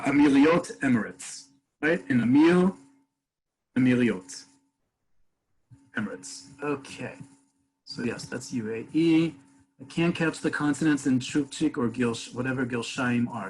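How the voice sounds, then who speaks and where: A man's voice: medium pitch, a little mellow, rough recording. A man teaching a webinar over a video call, explaining things step by step and answering questions from the chat. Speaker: Hebrew teacher.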